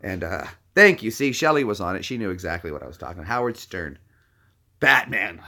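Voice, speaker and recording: A male streamer talks casually and rambles through a live session. His pitch leaps around constantly, and he keeps dropping bits of character voices into his sentences. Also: sing-song, fairly quick, vocal fry, bright, forceful tone. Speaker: streamer doing voice impressions.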